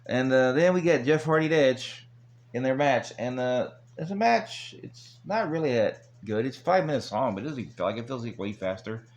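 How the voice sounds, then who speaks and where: A man's voice: mid-range voice, animated, normal speed. A man recapping an old wrestling broadcast in a casual, rambling monologue, chuckling along the way and dropping crude asides. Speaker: wrestling show reviewer.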